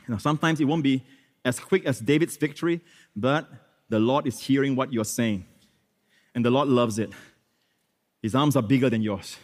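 A man preaching a sermon in church as pastor, switching between loud, emphatic exclamations and hushed, prayerful phrases, with many repetitions and hallelujahs. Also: mid-range voice, a little fast, long pauses, long reverb tail. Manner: repeats phrases, frequent hallelujahs and amens.

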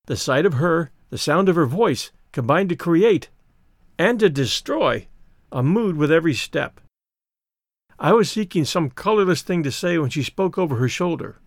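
A man narrating a classic novel in the first person, measured and wry in his delivery. His voice sits slightly high with a very lively, animated pitch, recorded dry and close with no room sound. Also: no room sound. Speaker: audiobook narrator.

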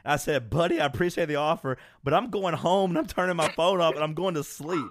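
A man with a fairly high voice tells a rowdy story in casual podcast chat. He acts out the quotes and laughs as he goes. His delivery is lively and loose. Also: a little fast, no room sound. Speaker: podcast co-host.

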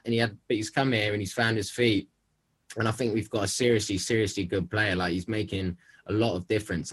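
Keen low-voiced football fan. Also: male voice. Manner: enthusiastic, opinionated fan talk. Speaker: podcast co-host. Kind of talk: casual football podcast chat.

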